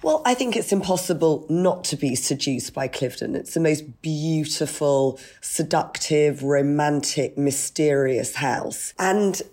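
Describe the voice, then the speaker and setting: A croaky-voiced woman historian with a cold, answering podcast questions. She talks with warm enthusiasm, piling up admiring words, her voice roughened by illness. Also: sits low, animated, a little slow, hardly any pauses. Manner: enthusiastic, gushing descriptions. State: has a cold. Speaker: historian and festival founder. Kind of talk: interview answers.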